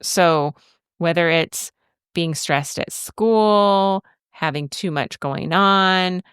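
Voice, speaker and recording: A middle-aged woman co-hosts a podcast in a casual chat, telling stories in a chatty way and laughing often. Her voice sits fairly low, with drawn-out words and a slightly bright, clean tone. The clean studio recording has no room sound.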